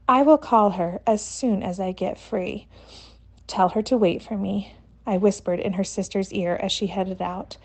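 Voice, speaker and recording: A woman reads a novel aloud in a calm, steady audiobook manner. Her voice sits at a middling pitch and stays even from line to line. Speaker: narrator.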